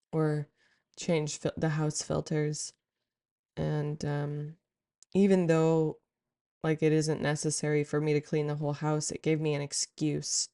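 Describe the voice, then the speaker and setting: Woman, spiritual vlogger, heartfelt rambling talk, flat even delivery. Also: deep voice. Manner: meandering and heartfelt, frequent "like" fillers. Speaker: spiritual content creator. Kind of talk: reflective spiritual talk to camera.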